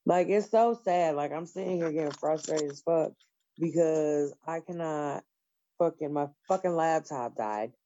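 A woman's voice: deep voice, measured pace, warm tone, no echo. A woman hosting a stream, talking in a blunt, profane casual chat. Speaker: stream host. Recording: dull lo-fi dry sound.

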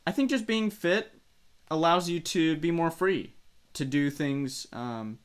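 A young man co-hosting a podcast with his wife, speaking in a casual, halting way. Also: fairly high pitch, clean tone. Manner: hesitant, halting. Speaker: podcast co-host. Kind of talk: casual chat.

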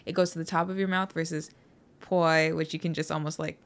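A woman's voice: sits low, flat delivery, fast. A woman in casual podcast chat, playful and self-deprecating as she sounds out words.

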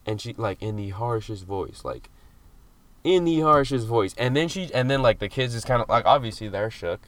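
A man's voice: fairly low pitch, lively intonation, a little fast, fairly bright tone. A man casually chatting on a podcast, telling a long story with many fillers and some swearing. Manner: rambling storytelling, frequent fillers, mild swearing. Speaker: podcast co-host. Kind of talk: casual chat. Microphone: studio mic.

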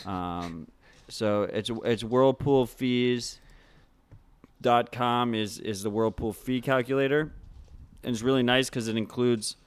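A podcast co-host chats casually, his medium-pitched voice clear and resonant with no echo. He speaks haltingly, restarting often and throwing in eager, enthusiastic asides.

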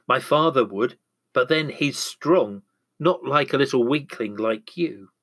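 A man's voice: medium pitch, unhurried, a bit bright. A man voicing a bad-tempered, scornful queen who screams and bosses.

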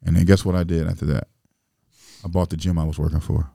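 A man's voice: low-pitched, flat delivery, quick pace, gravelly, mellow, no room sound, studio quality. A man from Illinois, a podcast guest, telling his life story in loose, profane street talk full of fillers. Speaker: interview guest.

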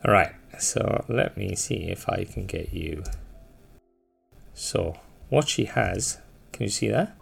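A man running a tabletop role-playing session, narrating scenes in a loose, rambling way full of fillers. His voice sits low and is heavily gravelly. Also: lively intonation, slow, a bit bright, soft background music. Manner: casual, rambling, many fillers. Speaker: game master.

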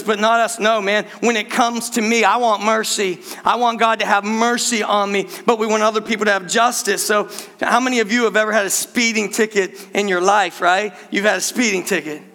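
Bright, high-voiced older man preaching. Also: long reverb tail. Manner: conversational, playful preaching with quick asides. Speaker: pastor. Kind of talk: sermon. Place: church sanctuary.

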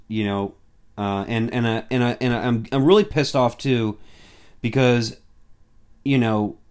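A man vlogging casually about upcoming films, excitable and quick to get worked up, with lots of fillers. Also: medium pitch, clear, resonant tone. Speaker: movie fan vlogger.

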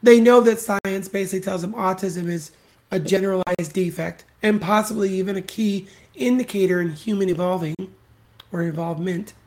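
Speaking at normal speed with a medium pitch and darkish tone, an adult podcast host goes on a solo rant. Scornful and profane, he bluntly repeats his insults and points for emphasis.

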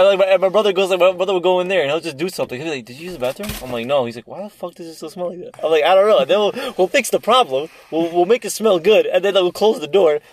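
Casting note: young guy, slightly high voice, rambling foul-mouthed storyteller who repeats himself and laughs mid-story. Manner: rambling, swears a lot, repeats words, laughs while telling stories. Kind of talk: crude casual chat among friends.

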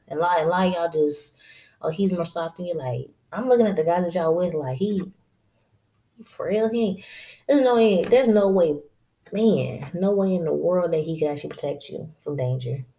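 A woman's voice: low-pitched, mellow. A woman hosting a casual solo podcast, giving blunt, straight-talking advice to women in a drawling, slangy way and laughing to herself. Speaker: podcast host.

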